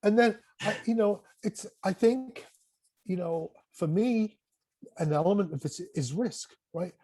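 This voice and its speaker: A man telling classroom stories in an animated way, swearing casually and acting out what people said. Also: high-pitched, unhurried, no echo. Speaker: guest, music educator. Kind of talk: casual conversation, storytelling.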